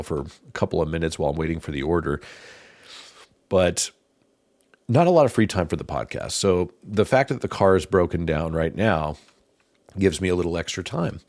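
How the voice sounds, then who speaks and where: A man hosting his own podcast, talking in a calm, thoughtful, casual way with pauses. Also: sits low, dry recording. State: slightly out of breath. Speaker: podcast host. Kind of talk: casual reflective monologue.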